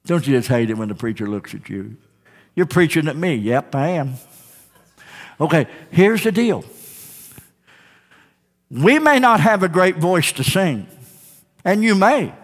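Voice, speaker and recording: Male preacher, high voice with wide swings, fervent call-and-response delivery, long church echo. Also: sing-song, unhurried, pauses often. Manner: emphatic, rising to shouts, call-and-response with the congregation. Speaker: pastor. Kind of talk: sermon. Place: church sanctuary. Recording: long hall reverb.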